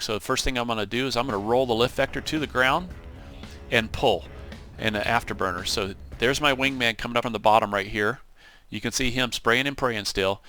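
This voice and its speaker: A man giving casual, animated commentary over his own flight-sim gameplay, acting out what he and his wingman said. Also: on the low side, no echo. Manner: animated storytelling, acts out radio calls. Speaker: gaming channel host.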